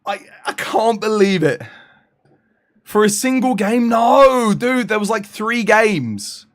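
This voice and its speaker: A young British man chatting casually on a live stream, animated and laughing in exasperated banter. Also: a little high. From United Kingdom.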